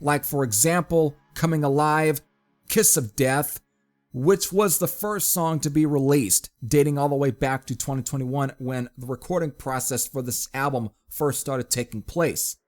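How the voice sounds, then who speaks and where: A man giving a casual spoken review of a metal album, chatting to his viewers as folks and filling pauses with uh. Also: mid-range voice, a little mellow. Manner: chatty, addresses viewers as folks, frequent fillers.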